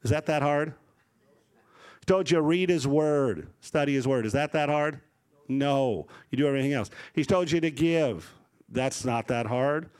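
A middle-aged man preaching a sermon as a pastor, telling stories with lively acted-out voices. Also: a little high, measured pace, smooth. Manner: animated storytelling, acts out voices.

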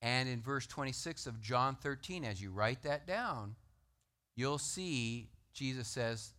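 A man preaching a sermon, reading scripture aloud and acting out the quotes in a lively, conversational way. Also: medium pitch, slow. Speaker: pastor.

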